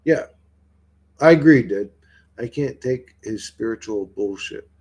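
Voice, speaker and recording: A man with a husky, dark-toned voice chats casually on a livestream. He rambles, swears a lot and keeps asking his viewers questions. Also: medium pitch, animated, a little slow.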